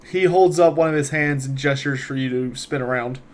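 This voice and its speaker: A man narrating a tabletop game as game master, relaxed, with frequent fillers. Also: medium pitch, fairly quick, slight background noise.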